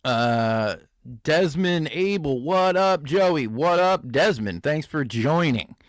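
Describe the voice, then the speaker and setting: Brief: male reaction host, sarcastic riffing, slightly high voice, dry close mic. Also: lively intonation, takes it slowly, no echo. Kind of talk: comedic reaction commentary.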